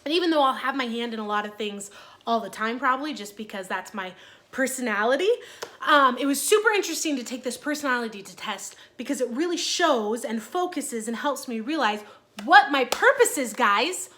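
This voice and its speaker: Bright high-voiced chatty woman. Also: expressive, brisk. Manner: chatty and earnest, many fillers. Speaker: vlogger. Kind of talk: casual personal vlog.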